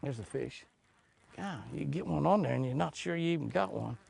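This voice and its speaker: A man's voice: on the high side, lively intonation, a little fast, creaky, a little mellow. A man hosting a fishing show from a boat on a lake, exclaiming over each catch, chuckling, and talking to himself. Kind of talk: excited fishing commentary.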